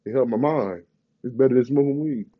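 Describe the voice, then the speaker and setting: A man's voice: mid-range voice, brisk, muffled recording. A man, ranting in a profane, rambling, slang-heavy way in a casual vlog. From Bay Area, California. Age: 30s.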